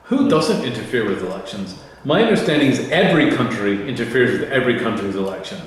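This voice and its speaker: A man's voice: mid-range voice, far from the mic. Joking guy chatting in a bar, voice bounces up and down a lot, lots of echo. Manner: quick wisecracking interjections, lively intonation. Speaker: vlog co-host. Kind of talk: casual bar chat. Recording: very echoey room with long reverb.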